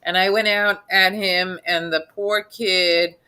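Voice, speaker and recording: A blunt woman rants on a casual live stream. Her voice is bright and forceful and sits a little low in pitch. She restarts her sentences often. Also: steady tone, takes it slowly.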